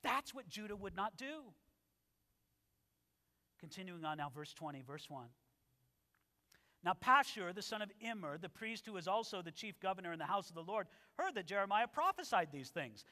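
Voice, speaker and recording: A male pastor preaching an expository sermon in an animated, conversational way. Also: high-pitched, normal speed, pauses often, big-room sound. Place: church sanctuary.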